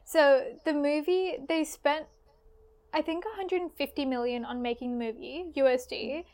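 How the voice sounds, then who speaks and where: A woman's voice: high voice, steady tone, moderate pace, a little mellow. A woman co-hosting a podcast, chatting casually and laughing often. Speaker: podcast co-host. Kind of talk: casual chat.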